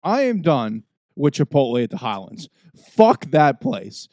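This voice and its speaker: A young man, a podcast host, telling a profane, ranting story in casual chat, swinging between low mutters and loud outbursts. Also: big pitch swings, a little slow, no echo.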